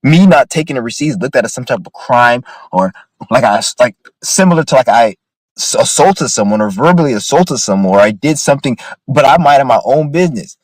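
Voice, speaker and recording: A man's voice: medium pitch, lively intonation, a little fast, dry recording, poor audio. A man ranting angrily to his phone camera about a store clerk, swearing constantly and repeating himself. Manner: profane, ranting, repetitive. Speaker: vlogger. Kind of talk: angry rant to camera.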